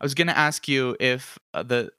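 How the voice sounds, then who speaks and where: A man's voice: mid-range voice, moderate pace, bright, forceful tone, clear, resonant tone, no echo, clean studio sound. A man playing a tabletop murder mystery game, talking playfully and stammering now and then. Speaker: player.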